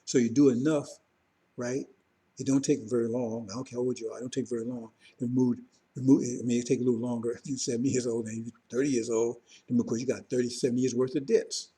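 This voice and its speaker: Speaking quickly with a flat delivery, a religious teacher with a medium-pitched, warm, husky voice preaches to his congregation conversationally. He's repetitive and keeps checking in with "see?" and "you understand?".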